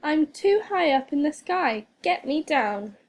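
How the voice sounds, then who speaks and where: A woman voicing an excitable, fretful witch in a children's storybook reading. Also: high voice, unhurried, pitched above the performer's own voice. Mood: panicky. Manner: exclaiming, fretful.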